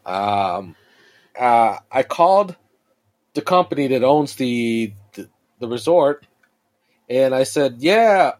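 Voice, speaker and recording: A man's voice: medium pitch, animated, takes it slowly, long pauses, darkish tone. Profane, rambling man telling a story. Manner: rambling and profane, with frequent restarts and fillers. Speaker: podcast co-host. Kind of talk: casual storytelling chat.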